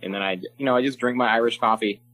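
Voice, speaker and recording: A man co-hosting a podcast, chatting casually with laid-back, deadpan asides. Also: mid-range voice, rapid-fire, soft background music, rough recording. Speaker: podcast co-host. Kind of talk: casual comedic banter.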